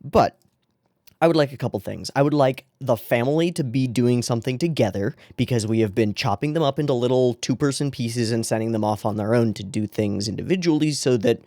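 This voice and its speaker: Casual anime-reaction host, a man with a dark, mellow tone; rambly, tangent-prone, curses freely, dry close sound. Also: medium pitch, a little fast, no echo. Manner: laughs at his own jokes. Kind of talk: casual reaction-channel chat.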